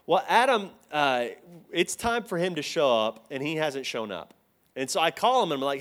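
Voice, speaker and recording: Guy preaching through a story, lively, does little voices for people. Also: fairly high pitch, moderate pace. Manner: animated, acts out both sides of dialogue. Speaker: speaker at a church teaching. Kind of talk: storytelling sermon.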